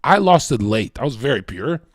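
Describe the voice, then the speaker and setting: A man ranting in a profane, loud debate-stream style, acting out voices as he tells stories. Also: mid-range voice, big pitch swings, moderate pace, no room sound, studio quality. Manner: profane, loud, acts out voices mid-story. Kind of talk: heated rant in a debate stream.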